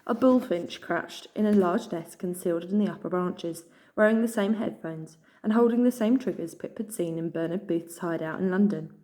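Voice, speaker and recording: Woman, reading a children's novel aloud, measured storytelling, low pitch, mellow tone. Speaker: reader.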